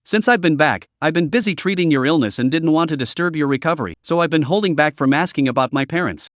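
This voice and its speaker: A man voicing a calm, commanding young master. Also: a little high, quick pace, dry recording, studio quality, lightly acted. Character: stern, calm young male martial master.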